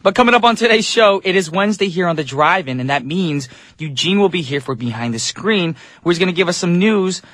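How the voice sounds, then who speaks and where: A man's voice: high voice, animated, a little fast, few pauses, a bit bright, no echo. A man hosting a radio show as DJ, talking in a casual, upbeat, chatty way with loose fillers, from a studio microphone.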